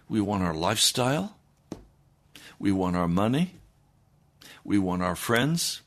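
A man preaching a sermon, swinging between loud declarations and hushed, low passages. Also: very animated, takes it slowly, long pauses.

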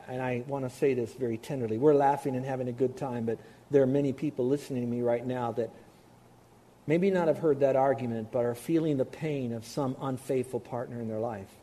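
A male pastor preaching a sermon in an animated, emphatic way, speaking straight to his listeners. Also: mid-range voice, a little fast.

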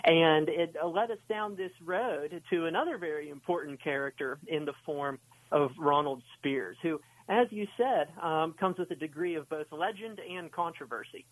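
History author guy on a radio interview, polite and thoughtful, slightly high voice. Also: normal speed, dry recording, low-quality recording.

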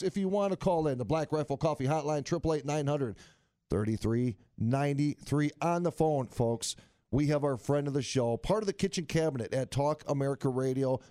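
A man hosting a live talk radio show from a studio, with an energetic announcer delivery. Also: medium pitch, dry recording. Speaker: radio host.

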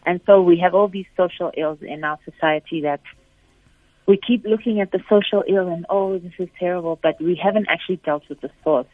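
A woman's voice: on the low side, fairly quick, dry recording. Woman on a tinny phone line. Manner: thoughtful, hesitant, earnest. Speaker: guest musician. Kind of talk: reflective interview answers.

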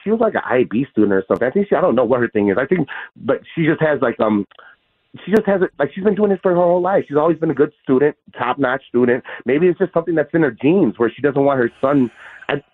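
A man's voice: medium pitch, expressive, quick pace. Flustered male caller on a phone line. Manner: flustered, rambling, restarts. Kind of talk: phone call to radio show.

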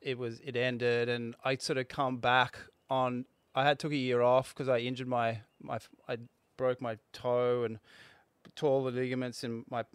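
A man in his forties, a former pro surfer, telling a story in a halting way, with restarts and fillers. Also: mid-range voice, little pitch movement, smooth, dry recording. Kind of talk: casual interview storytelling.

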